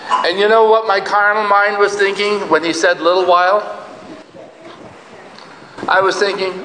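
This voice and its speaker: An older man preaching a sermon, telling his own story earnestly with long pauses. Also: high voice, a bit bright, a little hiss or hum. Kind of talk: sermon testimony. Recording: echoey hall, roomy sound.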